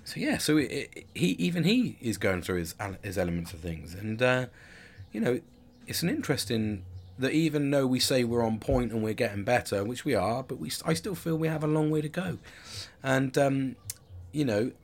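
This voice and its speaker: A man's voice: mid-range voice, lively intonation, moderate pace. A man in his forties talking candidly in a rambling personal monologue, with frequent restarts and casual swearing. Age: 40s.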